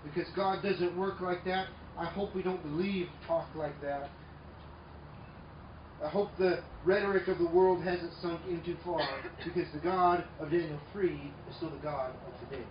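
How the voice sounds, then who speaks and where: A man delivers an emphatic sermon, pressing his points with loud bursts and dropping into quieter asides. His voice sits fairly high for a man. The recording is muffled and roomy, caught from a distance with faint ambience behind. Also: normal speed, background noise. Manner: emphatic, swings between loud declarations and low asides. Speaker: preacher. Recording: echoey room, mic far off, dull sound, faint ambience.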